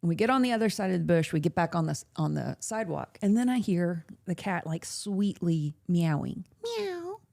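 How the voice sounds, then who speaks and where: A woman podcast host telling a story in casual chat. She talks in an animated way, swears freely and laughs often. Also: lowish voice, brisk, gravelly, few pauses.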